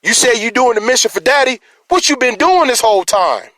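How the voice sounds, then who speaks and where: A man's voice: very high voice, very animated, a little fast, pushed and bright. A man speaking as a concerned citizen in an emotional personal monologue, rambling and restarting his words as he challenges his listeners.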